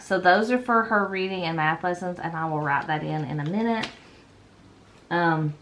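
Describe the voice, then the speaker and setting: A woman's voice: lowish voice, a bit bright, slight background noise. Chatty mom rambling over her planner. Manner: chatty, rambling, lots of ums and self-corrections. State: yawning, a bit tired. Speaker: planner vlogger. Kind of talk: casual chat while decorating a planner.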